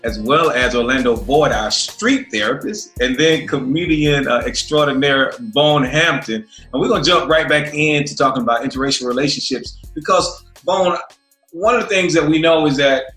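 A man hosting a panel talk show, introducing guests and asking questions in a measured way with many fillers. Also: a little high, a bit bright, echoey room, faint music behind.

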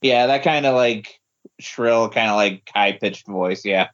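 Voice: mid-range voice, a little slow, a bit bright, muffled recording. A podcast guest chatting casually about comics, hesitant and full of fillers. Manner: hesitant, many fillers, laughs along. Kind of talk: casual comic book discussion.

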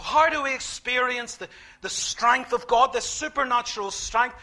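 With a very high-pitched voice, a man preaches emphatically, repeating key phrases. He swings between quiet, slow lines and loud ones.

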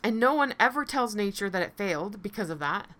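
A woman's voice: mid-range voice, expressive, fairly quick, a bit bright. A woman hosting her own podcast, speaking in an earnest, heartfelt personal monologue and repeating phrases for emphasis. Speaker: podcast host and recovery coach.

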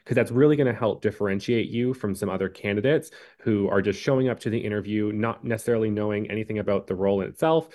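A man answering interview questions about job hunting in a measured way, with frequent ums and uhs. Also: fairly low pitch, warm tone. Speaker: career advice guest.

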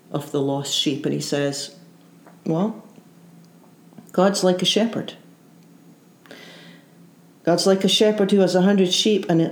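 A woman preacher giving an earnest sermon, full of rhetorical questions and repeated phrases. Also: on the low side. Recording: roomy echo.

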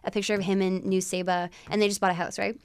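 A woman hosting a podcast, chatting casually with a guest, swearing freely and telling animated stories. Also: mid-range voice, fast, clean tone, dry recording, clean studio sound. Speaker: podcast host. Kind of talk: casual chat.

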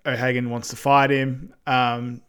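A man co-hosting a casual podcast, filling in plot points and agreeing along the way. His mid-pitched voice stays relaxed and unhurried. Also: clean tone. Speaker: podcast co-host. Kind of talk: casual film recap chat.

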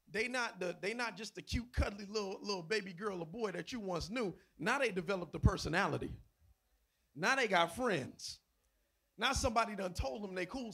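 Husky, bright-voiced preaching man. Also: sits high. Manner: preaching with sudden loud bursts and asides to the congregation. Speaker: pastor. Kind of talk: sermon.

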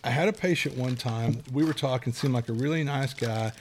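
A man's voice: mid-range voice, fairly quick, slight background noise. A middle-aged man co-hosting a casual podcast, telling rambling stories and acting out the quoted dialogue. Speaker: podcast co-host.

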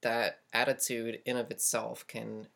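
A woman's voice: extremely low pitch, little pitch movement, a little slow, creaky, fairly bright tone. A woman chatting casually on a podcast, with stumbling starts before she makes firm points. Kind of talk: casual chat.

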